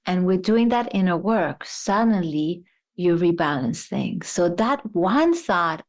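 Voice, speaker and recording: A woman's voice: on the low side, expressive, a little slow, a little mellow. A woman psychologist, a guest on an interview show, explaining her ideas through worked examples and rhetorical questions.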